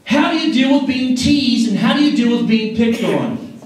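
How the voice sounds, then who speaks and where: A man preaching an energetic youth sermon, joking and leading call-and-response with a crowd in a large hall. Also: very high voice, moderate pace. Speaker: youth pastor. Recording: echoey hall from far off.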